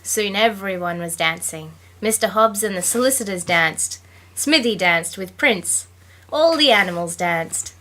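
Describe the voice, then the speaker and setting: A woman's voice: medium pitch, expressive, a little slow, sharp tone. A woman guest on a podcast, reading book passages aloud and chatting in a dry, easygoing way.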